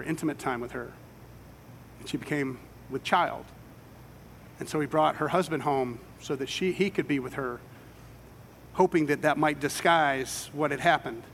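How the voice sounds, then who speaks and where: A man's voice: medium pitch, slight background noise. A man preaching a sermon, retelling scripture stories with dramatic quoted voices. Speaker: pastor. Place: church sanctuary with children present.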